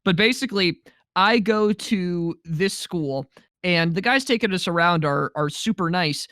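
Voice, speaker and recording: A man's voice: high voice, a little slow, sharp tone, dry recording, clean studio sound. Wry laid-back man telling a story. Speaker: podcast co-host. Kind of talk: casual storytelling chat.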